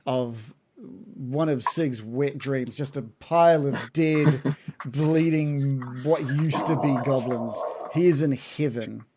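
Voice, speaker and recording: A man's voice: mid-range voice, slow pace, noisy background. A man narrating a tabletop fantasy game as game master, rambling with lots of fillers.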